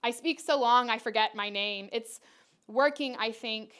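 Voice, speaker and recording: A woman's voice: fairly high pitch, measured pace, fairly bright tone, smooth. A woman performance artist delivering spoken-word poetry in a rhythmic, incantatory way, repeating her refrains.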